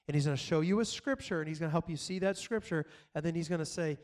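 A middle-aged pastor preaching in a loose, chatty way, asking "why?" again and again and laughing between points. His voice sits high for a man. The delivery stays personal and encouraging. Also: fast talker, few pauses, a little mellow. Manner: conversational, repetitive rhetorical questions, laughs often. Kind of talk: sermon.

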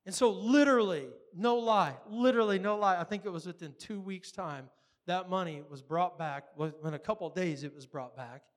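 At a normal pace and with a high-pitched voice, a preacher shares stories in his sermon. He animatedly performs the conversations and laughs often.

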